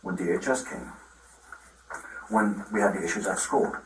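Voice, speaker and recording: A middle-aged father telling the police a long, halting account with many restarts, recorded on a body camera. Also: low voice, expressive, a little hiss or hum. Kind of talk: recounting events in a conversation. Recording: roomy, from far off the mic.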